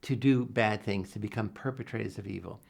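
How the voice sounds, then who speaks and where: An older man, a psychologist, answering interview questions in an earnest, animated way, acting out quoted dialogue and often restarting his sentences. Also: on the low side, a little fast, gravelly. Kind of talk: reflective interview storytelling.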